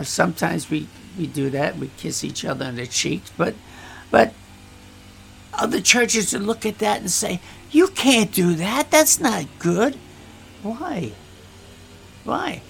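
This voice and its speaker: A man's voice: sits high, big pitch swings, a little slow, gravelly, fairly bright tone, slight background noise. A male pastor talking frankly about his church, bluntly, acting out the voices of people he quotes. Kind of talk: casual talk about church life. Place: church in the Philippines.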